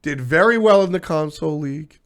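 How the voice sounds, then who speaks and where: A man talks fairly quickly in a slightly high voice as he hosts an easygoing esports livestream talk show. Animated and profane, he speaks bluntly while riffing and responding to chat.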